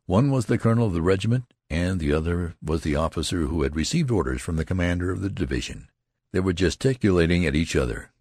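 A man reading a classic novel aloud as an audiobook narrator, expressive and unhurried. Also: sits low, slightly rough, no room sound, clean studio sound.

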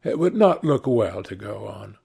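A calm, worldly aristocrat, measured and unhurried, as a male reader puts him on. His voice drops well below the narrator's own and stays soft. A storybook figure read aloud. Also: fairly low pitch, creaky, breathy edge, voice pushed down, exaggerated voice. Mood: calm, grave.

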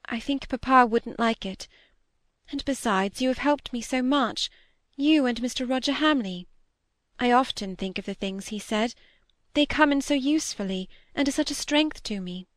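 A woman voicing a shy, earnest young girl who speaks quietly and hesitantly in a storybook reading. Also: fairly high pitch, normal speed, no echo, clean studio sound, pitched above the performer's own voice, close to an everyday voice.

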